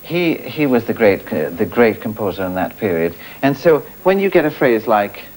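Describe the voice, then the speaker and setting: A man's voice: on the low side, very animated, normal speed, a little mellow, poor audio. A middle-aged man teaching singing, chatty and encouraging, sometimes singing phrases to show how they go. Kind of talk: coaching singers in a studio class.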